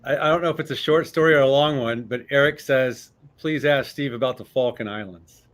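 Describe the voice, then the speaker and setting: A man's voice: mid-range voice, fairly quick. Appreciative male interview host. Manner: warm, appreciative questioner. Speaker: podcast host.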